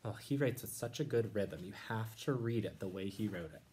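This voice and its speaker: A man with a fairly low voice reads a rhyming picture book to young listeners. He stops to explain things in a gentle, encouraging way and lifts his voice with energy when he reads the verses. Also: fairly quick, slight background noise. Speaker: teacher reading to children. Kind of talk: read-aloud lesson.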